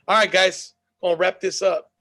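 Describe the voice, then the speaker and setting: A man's voice: high-pitched, animated, moderate pace, gravelly, a bit bright. A man hosting a casual podcast, chatting in a loose, profane, laid-back way. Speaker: podcast host.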